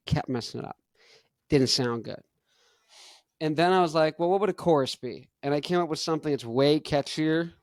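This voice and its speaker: Young guy hosting his own show, easygoing and rambling, slightly high voice, dry close sound. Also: no echo. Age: young adult. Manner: rambling, laid-back slang, chuckles between thoughts. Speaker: podcast host. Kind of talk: casual chat.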